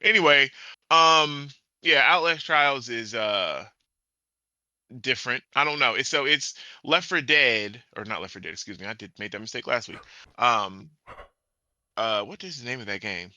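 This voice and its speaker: A man co-hosting a gaming podcast in casual chat, excitable and quick to laugh, jumping into a high voice when worked up. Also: no room sound. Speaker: podcast co-host.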